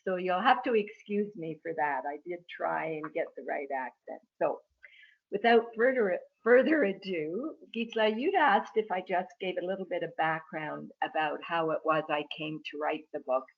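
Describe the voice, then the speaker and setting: A woman from Ireland, a guest author, speaking and reading from her book in a measured, reflective way over a video call. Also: fairly low pitch, creaky, dull audio.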